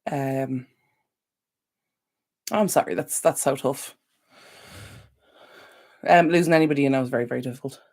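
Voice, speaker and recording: Irish woman, low voice, chatty live-stream host, rambling and sympathetic to viewers. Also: normal speed, pauses often, darkish tone. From Ireland. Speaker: decluttering channel host. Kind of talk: casual live-stream chat.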